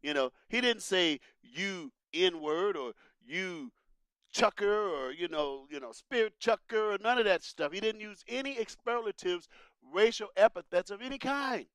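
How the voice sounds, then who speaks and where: A high-voiced man hosts a laid-back commentary show. He talks straight to his listeners with a preachy, animated delivery, his pitch swinging widely. The recording is dry and close, with no room sound. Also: unhurried, clean tone, no room sound. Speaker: political commentary host. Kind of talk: casual political commentary.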